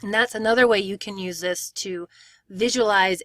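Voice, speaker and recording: Clear woman teaching pronunciation. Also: mid-range voice, fairly even intonation, fairly quick, fairly bright tone, no room sound. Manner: clear, step-by-step explaining with demonstrated words. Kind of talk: screen-share tutorial.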